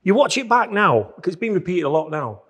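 Man, 40s, podcast co-host, high-pitched, husky, easygoing, chuckling, casual chat. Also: big pitch swings, fairly quick, a bit bright. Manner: easygoing, chuckling, trails off mid-sentence. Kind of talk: casual chat between old friends.

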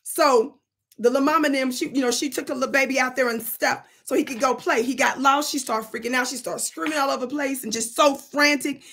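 A woman hosting her own channel, an animated and preachy storyteller who plays with words in a commentary monologue. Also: sits high, fairly quick, slightly rough. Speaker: channel host.

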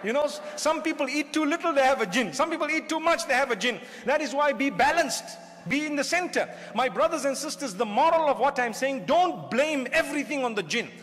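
A man's voice: very high voice, lively intonation, a little fast, a bit bright. A man giving an Islamic sermon, humorous and conversational, full of rhetorical questions. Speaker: Islamic preacher. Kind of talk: lecture sermon. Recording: long hall reverb.

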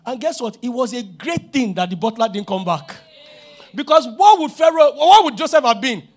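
High-voiced Nigerian man preaching. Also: moderate pace, soft background music. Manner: animated preaching, shouting at peaks, acting out dialogue. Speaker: pastor. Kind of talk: sermon.

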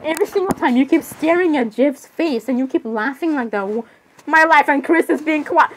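A woman running a solo role-play, switching quickly between the voices of many characters and giggling often. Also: high voice.

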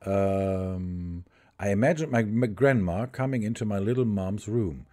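A man streaming a story game live, reading its text aloud haltingly, restarting lines and chatting with his viewers in between. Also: on the low side, warm tone.

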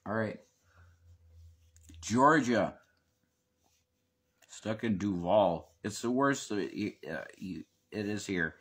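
A man from northeastern Pennsylvania with a local accent, chatting loosely and animatedly while reading viewer comments. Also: lowish voice. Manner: animated, rambling, quick to laugh. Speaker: livestream host. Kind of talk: casual chat reading comments.

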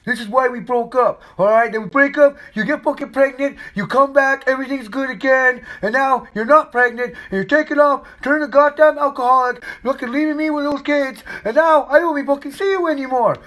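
A man's voice: very high-pitched, a little fast, hardly any pauses, a bit bright. A man delivering a crude, scolding comedic rant in a skit.

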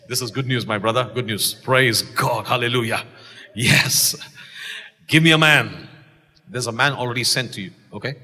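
A pastor with a Malaysian English accent preaches an exuberant sermon in a church sanctuary, his mid-range voice animated and at normal speed. He calls for responses from the congregation and shouts key lines, all under long church reverb.

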